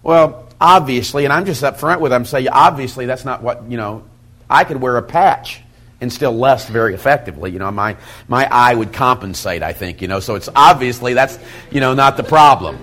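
A middle-aged man preaching to a men's Bible study in a conversational style, swinging from loud emphasis to quiet, intense asides. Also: mid-range voice, animated, normal speed. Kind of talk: sermon.

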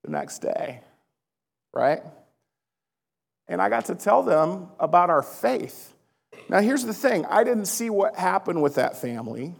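A male pastor in his thirties tells stories from the pulpit, talking to the crowd as guys. His voice is gravelly and sits a little high for a man. A long hall reverb trails each phrase. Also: measured pace, pauses often. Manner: storytelling, animated, addresses listeners as guys. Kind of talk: sermon.

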